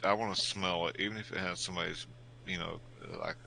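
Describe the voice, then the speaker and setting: A man's voice: deep voice, fairly even intonation, brisk, gravelly, pushed and bright. A man chatting casually with friends on a voice call, joking loosely and laughing often. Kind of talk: casual group chat on voice call. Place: outdoors.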